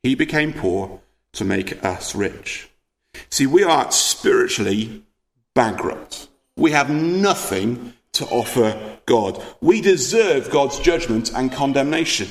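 A man preaching a sermon, earnest and emphatic, asking rhetorical questions and often repeating words as he presses a point. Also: on the high side.

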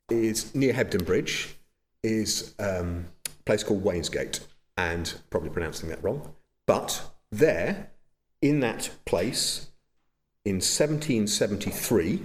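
A man, preaching a sermon as pastor of his church in an earnest, conversational way with asides. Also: on the low side.

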